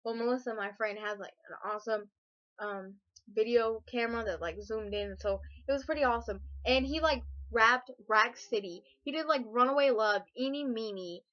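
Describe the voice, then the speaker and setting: Teen girl gushing on her webcam vlog, high bright voice, kinda muffled lo-fi audio. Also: normal speed. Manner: gushing, breathless, lots of fillers and shrieks. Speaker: vlogger. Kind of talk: excited personal storytelling.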